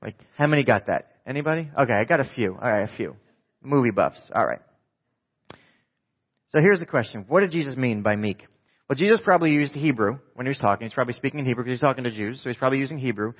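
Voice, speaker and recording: A man's voice: medium pitch, lively intonation, fast, dull audio. A man from New Jersey preaching a sermon as pastor, conversational and joking, often asking the congregation questions.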